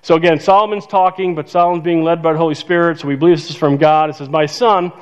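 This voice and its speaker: A man's voice: fairly high pitch, little pitch movement, rapid-fire, clear, resonant tone. An older man preaching a sermon as pastor, conversational and self-joking, laughing at his own remarks. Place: church sanctuary. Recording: dull reverberant church hall.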